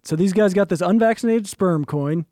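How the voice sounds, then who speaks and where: Male co-host, high pitch, dry close sound, deadpan jokester. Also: moderate pace, dry recording. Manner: joking, deadpan bits. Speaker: podcast co-host. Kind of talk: casual comedic chat.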